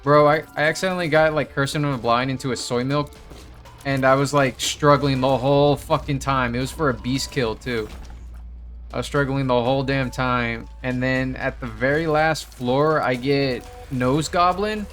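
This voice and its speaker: A man's voice: medium pitch, steady tone, normal speed, a bit bright. A young man casually telling a story while playing a game, rambling, swearing often and laughing. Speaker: gaming video host. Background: faint game music.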